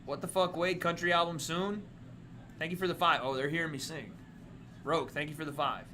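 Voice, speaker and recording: A man hosting a livestream, talking in a sharp, piercing tone that sits a bit high. He is excitable and jokey, swinging to loud outbursts when something happens. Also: a little fast, slight background noise. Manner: excitable, jokey, reads out donations. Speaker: livestream host. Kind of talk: casual livestream chat and fight reactions.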